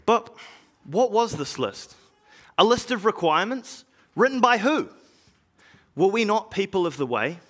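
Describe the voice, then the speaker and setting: A man performs an earnest early evangelist recounting his journey in a church drama monologue. His voice is bright and lively, with a lot of rise and fall, and he speaks slowly, with weighty pauses. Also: high voice, heavily acted. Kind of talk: dramatic first-person monologue.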